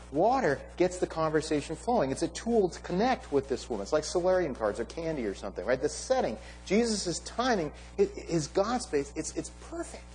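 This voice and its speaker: A man's voice: high-pitched, a little hiss or hum, poor audio. A man preaching a sermon, emphatic and conversational, often asking his listeners "right?". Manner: animated, emphatic, with frequent "right?" asides. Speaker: pastor.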